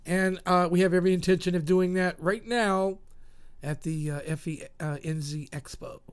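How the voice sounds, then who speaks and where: A man's voice: high-pitched, fairly even intonation, normal speed, smooth. A man hosting a live internet radio show, chatting casually and rambling with lots of fillers and self-mocking asides.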